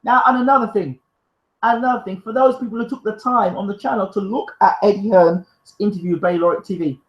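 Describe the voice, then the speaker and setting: A man's voice: sits high, steady tone, a little fast, roomy sound, low-quality recording. A man hosting a live stream, reading out viewer comments and arguing back in a fiery, defensive, emphatic way. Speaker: live show host.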